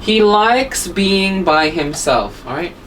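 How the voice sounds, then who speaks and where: A woman's voice: mid-range voice, animated, slow pace. Woman teaching grammar, checking in constantly. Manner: explains step by step, tags nearly every point with "right?" or "okay?". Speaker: English teacher. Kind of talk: grammar lesson. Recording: voice a little distant from the mic, faint room hum.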